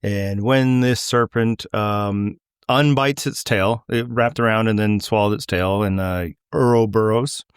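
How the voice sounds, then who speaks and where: Man, canadian accent, middle-aged podcast host, smooth resonant tone, dry close sound, rambling chatty delivery. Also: lowish voice, fairly even intonation, unhurried, few pauses, dry recording. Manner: loose, rambling delivery, wanders mid-sentence. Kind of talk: casual podcast chat.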